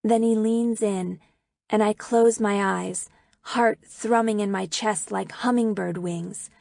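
A woman reads a first-person novel aloud at an unhurried pace, her voice catching a gravelly fry now and then. She tells it expressively, and the recording is close and dry, with no room sound. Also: medium pitch, steady tone, darkish tone, no room sound. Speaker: audiobook narrator. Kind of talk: first-person audiobook narration.

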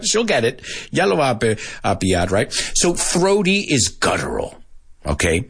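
A man teaching English vocabulary in a casual, animated lesson, mixing English with Spanish and laughing often. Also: medium pitch, unhurried, husky.

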